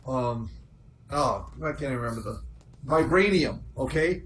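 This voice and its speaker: A man's voice: medium pitch, animated, a little slow, fairly bright tone, low-quality recording. A man co-hosting a livestream chat, laid-back, throwing in wry quips. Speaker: co-host.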